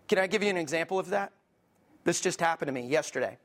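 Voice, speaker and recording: A man's voice: on the high side, lively intonation, quick pace. A man delivers a sermon from the pulpit as pastor. He preaches with passion, talking the way one talks with friends, and keeps turning to his listeners with questions. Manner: impassioned, conversational preaching with many asides to the congregation.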